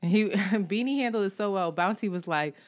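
A woman co-hosting a podcast, telling stories in a casual chat, animated and laughing often. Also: medium pitch, a little fast, no room sound, clean studio sound. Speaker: podcast co-host.

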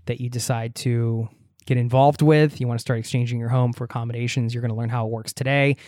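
A man hosts a podcast in a relaxed, conversational way, laughing easily between thoughts. His voice sits at an ordinary middle pitch. The recording is close and dry, with no room sound. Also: fast, no echo. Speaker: podcast host. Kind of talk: casual podcast interview. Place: home in Norway.

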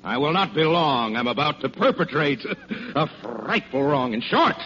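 A man's voice: a little high, big pitch swings, normal speed, bright, forceful tone. A boastful gunman from hell. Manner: theatrical, pompous rhyming verse. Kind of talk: 1940s radio acting. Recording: dull, faintly hissy old radio recording.

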